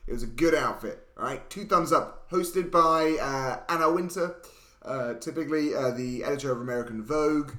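A man's voice: medium pitch, normal speed, bright, forceful tone, reverberant. A man co-hosting a casual film podcast, wryly joking while he presents film facts. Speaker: podcast co-host. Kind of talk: casual chat.

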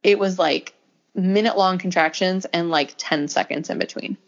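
A young adult woman telling a personal story in casual conversation, acting out quoted lines and laughing often. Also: moderate pace. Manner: animated, acts out quoted lines with pitch jumps, laughs often. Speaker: podcast guest telling a birth story. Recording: dull lo-fi audio.

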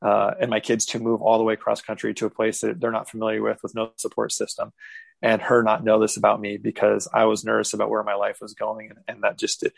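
A man in his thirties telling a candid personal story as an interview guest, halting with many restarts. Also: on the low side, completely flat delivery, vocal fry, no echo, poor audio.

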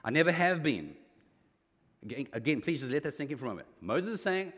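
A man preaching a sermon as a pastor, animated, acting out quoted lines with a rising voice. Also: medium pitch, quick pace, husky, long reverb tail.

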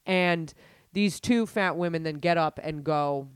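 A young woman telling a story in casual chat, animated and profane, with lots of fillers. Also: low-pitched, a little slow, clear, resonant tone, dry recording.

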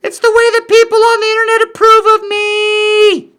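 A man voicing a whiny, attention-hungry internet commenter who wails in a shrill, shouting tone. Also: monotone, normal speed. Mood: whining.

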